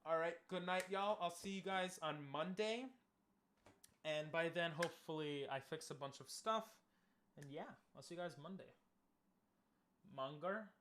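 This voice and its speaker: A man's voice: a little high, moderate pace, fairly bright tone, a little hiss or hum. A man streaming, chatting casually and easygoingly with his viewers, laughing often.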